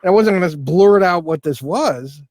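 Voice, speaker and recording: A man's voice: sits high, expressive, moderate pace, darkish tone, dry recording. An older man, a guest in an interview, telling a long anecdote in a loose, rambling way with many restarts and fillers. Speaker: guest, paranormal investigator. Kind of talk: casual storytelling interview.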